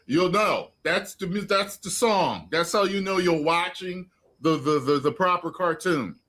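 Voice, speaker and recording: A man's voice: sits high, unhurried, a bit bright. A man giving his opinion in a clip, lecturing emphatically and repeating his points.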